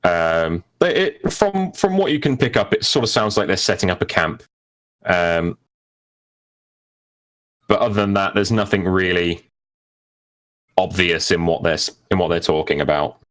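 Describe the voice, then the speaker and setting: A man's voice: low-pitched, a little slow, pauses often, fairly bright tone. A man running a tabletop game as game master, narrating hesitantly with many fillers.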